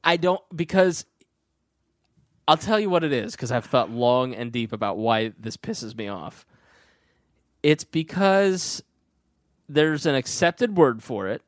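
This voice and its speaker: A male podcast co-host ranting sarcastically in a casual, animated chat. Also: mid-range voice, measured pace, long pauses, no echo, clean studio sound.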